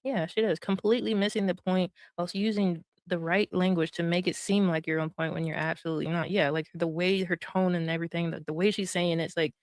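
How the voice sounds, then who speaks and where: A woman's voice: lowish voice, fairly even intonation, brisk, few pauses, dry recording, clean studio sound. A woman streamer giving casual commentary on a clip, chatty and laughing often, with many fillers. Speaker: streamer reacting to clips.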